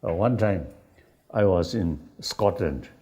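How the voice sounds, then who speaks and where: An older man who is not an English speaker, talking in a halting, searching way with many fillers and ready laughs. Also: sits low. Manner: laughs easily, animated. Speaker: spiritual leader in dialogue. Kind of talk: unscripted dialogue.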